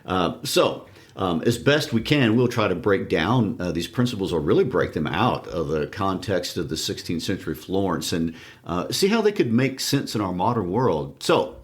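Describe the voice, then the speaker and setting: A man with a deep, low-pitched voice co-hosts a literature podcast. He explains ideas thoughtfully, pausing on fillers as he builds his points. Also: sing-song. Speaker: podcast co-host. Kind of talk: casual literary discussion.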